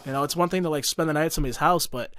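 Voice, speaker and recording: A man's voice: a little high, rapid-fire, a bit bright, no echo. A young man telling a long personal story in a casual podcast chat, heated and profane, full of fillers and restarts. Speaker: podcast guest.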